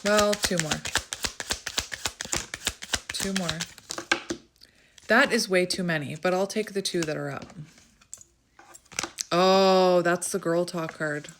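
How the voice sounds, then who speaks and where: A woman doing a casual tarot reading to camera, chatty and thinking aloud as she draws cards, with frequent laughs and bursts of excitement. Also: on the low side, slow, pauses often, noisy background. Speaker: tarot reader.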